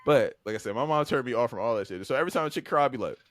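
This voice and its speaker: A young man, hosting a podcast and telling stories in an animated way, full of fillers, swearing and acted-out voices. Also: medium pitch, very fast, soft background music. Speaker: podcast co-host. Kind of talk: casual storytelling chat. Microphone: podcast microphone.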